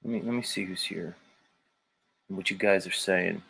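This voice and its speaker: A man's voice: sits low, steady tone, moderate pace, gravelly, fairly bright tone, slight background noise. A man hosting a casual livestream, reading viewer comments aloud, rambling and joking with profanity and humming to himself between comments. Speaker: livestream host.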